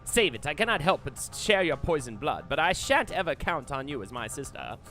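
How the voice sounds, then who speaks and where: A man's voice: a little high, very animated, a little fast, sharp tone, faint music behind, exaggerated voice. A man voicing a bitter, hostile female harp sister. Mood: scornful.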